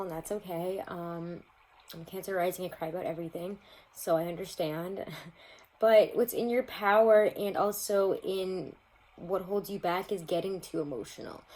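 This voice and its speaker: A woman's voice: fairly low pitch, darkish tone, rough recording. A woman giving a casual tarot reading to her viewers, chatty and rambling, laughing often. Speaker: tarot reader.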